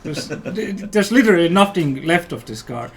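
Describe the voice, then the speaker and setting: A man's voice: high voice, expressive, normal speed, slightly rough. A man with an Estonian accent chatting casually while playing a game on a livestream, rambling and enthusiastic. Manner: rambling and enthusiastic, many fillers. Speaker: game developer and guest player.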